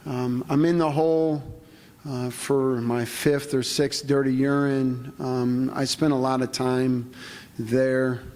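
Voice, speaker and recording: A man giving a personal testimony to a conference audience, telling his story in a plain-spoken, halting way. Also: medium pitch, flat delivery, a little mellow, big-room sound. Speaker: conference speaker.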